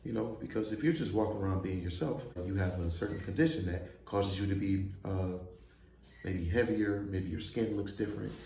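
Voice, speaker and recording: A man's voice: deep voice, normal speed, warm tone. A man hosting a casual, chatty reaction commentary who laughs often. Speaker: host. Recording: echoey room, faint noise.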